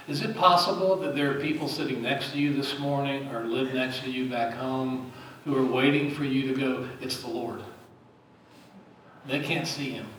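A man delivers a sermon in a relaxed, conversational way and often turns to the listeners with questions. He is recorded from some distance in a strongly echoing church sanctuary, with a faint hum of noise underneath. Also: medium pitch. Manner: conversational, asks the congregation questions. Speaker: pastor. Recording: very echoey, distant mic.

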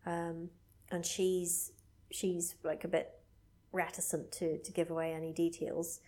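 A woman recapping a film in casual chat, animated, often acting out characters' lines in silly voices. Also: fairly low pitch, measured pace. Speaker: podcast co-host recapping a film.

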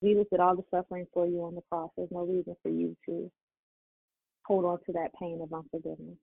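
A woman's voice: lowish voice, little pitch movement, fast talker, gravelly, slightly rough, no room sound. A woman hosting a prayer call, preaching with fervent encouragement. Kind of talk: preaching and exhortation. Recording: dry, tinny phone line.

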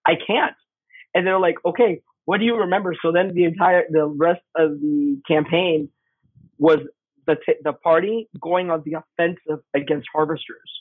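A middle-aged man with a voice on the high side speaks at normal speed, with no room sound. He's a game designer guest telling stories in casual chat, animated and acting out the voices in his anecdotes. His husky voice comes through a tinny phone line, recorded dry.

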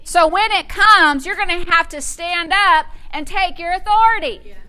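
A woman pastor preaches with fervent conviction, her voice high and bright. She drives her points home to the congregation and answers herself with praise. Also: normal speed. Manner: fervent preaching with call-and-response interjections. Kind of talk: sermon.

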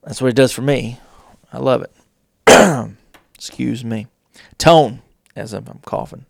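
A man hosting a casual advice talk, with deliberate pauses and playful shifts of tone. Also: medium pitch, steady tone, creaky, darkish tone, no room sound. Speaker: host.

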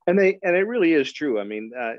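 A man's voice: on the high side, sing-song, fast, no room sound. A man interviewing a relative in casual family chat, easygoing and swearing casually. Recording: dull lo-fi dry sound.

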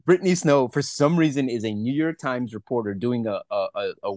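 A man's voice: mid-range voice, animated, a little fast, darkish tone, dry recording. A man co-hosting a casual movie review podcast, ranting and swearing in a rambling way. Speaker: podcast co-host.

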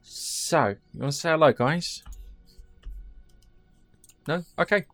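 A man's voice: a little high, lively intonation, slow pace, fairly bright tone, no echo, soft background music. A man hosting a podcast, chatting casually in a jokey, rambling way and swearing now and then. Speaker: podcast host. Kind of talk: casual chat.

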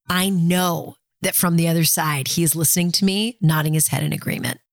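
A woman's voice: on the low side, fairly even intonation, brisk, vocal fry, no room sound, studio quality. A woman in her fifties giving candid, conversational personal advice and talking straight to her listeners.

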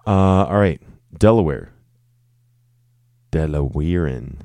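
Deep-voiced man rambling on his podcast. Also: lively intonation, slow pace, a little mellow, dry recording. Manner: rambling, profane, joking. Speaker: podcast host. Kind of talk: casual solo podcast.

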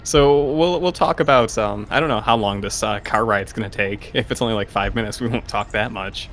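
A man's voice: lowish voice, fairly quick, creaky, a bit bright, slight background noise. A man taking part as a player in a tabletop role-playing game, joking in a laid-back way. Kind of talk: tabletop role-play chat.

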